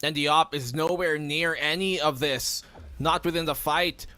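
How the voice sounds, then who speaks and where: A man's voice: fairly high pitch, steady tone, normal speed, pushed and bright, no room sound. A man casting an esports match, breaking down the plays as they happen. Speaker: esports caster. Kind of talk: esports commentary.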